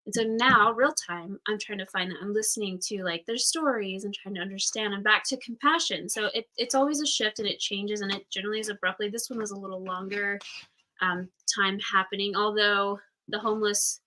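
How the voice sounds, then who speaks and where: Bright-voiced candid woman chatting about astrology. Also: medium pitch, brisk, low-quality recording. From Utah, United States. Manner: candid, chatty, swears, acts out quoted voices. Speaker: astrology class host. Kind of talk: casual livestream astrology talk.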